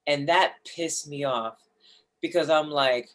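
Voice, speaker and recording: Young guest spilling a personal story, cusses, acts out the voices in their head, mid pitch. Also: slow, fairly bright tone. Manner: emotional, swearing, restarts, acts out inner voices. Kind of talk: candid storytelling.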